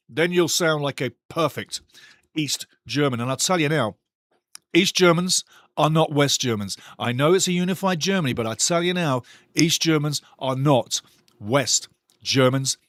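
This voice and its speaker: A man's voice: on the high side, a bit bright, dry recording, studio quality. Chatty man hosting a football watch-along. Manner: rambling, chatty, addresses viewers directly. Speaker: host.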